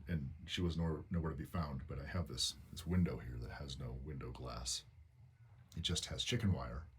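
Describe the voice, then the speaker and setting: A man casually telling a rambling personal anecdote in his small home, halting with fillers. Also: very deep voice, a little hiss or hum. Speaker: vlogger. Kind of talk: casual storytelling. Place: small low-ceilinged home.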